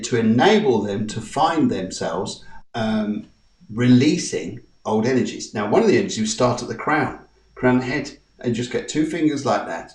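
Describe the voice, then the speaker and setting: A man hosts a live-streamed spiritual show and leads listeners through tapping affirmations in a soft, coaxing way. He sits some distance from the mic, so his voice carries a roomy echo. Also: mid-range voice. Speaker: host.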